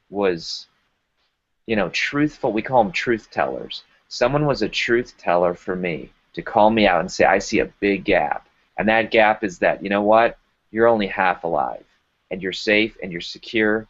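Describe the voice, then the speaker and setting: A man's voice: on the low side, muffled recording. A man being interviewed, telling a personal story with energy and acting out the dialogue. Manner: energetic, emphatic storyteller who acts out dialogue. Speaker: guest.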